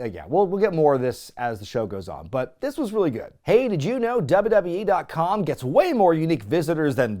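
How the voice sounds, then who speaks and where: A man hosting a comedic recap show, sarcastic and swearing freely, laughing often as he gets excited. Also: mid-range voice. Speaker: host.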